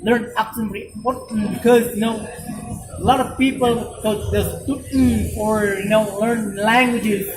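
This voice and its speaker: A man's voice: sits high, fairly even intonation, unhurried. Young Indonesian man rambling in English. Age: 20s. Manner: rambling, heavy use of "you know". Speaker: English club leader. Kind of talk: casual vlog talk. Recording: echoey with loud music behind.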